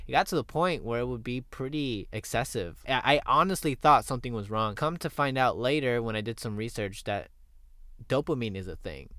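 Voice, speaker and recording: Smooth-voiced young man, candid and profane. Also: medium pitch, a bit bright, no room sound, studio quality. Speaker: podcast host. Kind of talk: casual chat.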